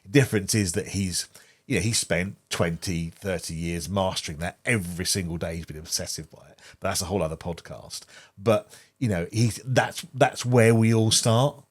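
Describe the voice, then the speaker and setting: A man's voice: deep voice, moderate pace. A middle-aged man co-hosting a podcast, chatting casually and earnestly, often repeating words as he thinks. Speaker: podcast co-host. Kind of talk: casual conversational chat.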